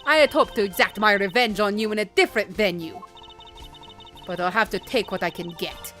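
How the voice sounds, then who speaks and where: A woman doing an imperious young female prosecutor, put-on foreign accent, clipped and commanding, bright higher voice. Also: animated, moderate pace, soft background music, heavily acted. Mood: haughty. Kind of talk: reading game dialogue aloud on a stream.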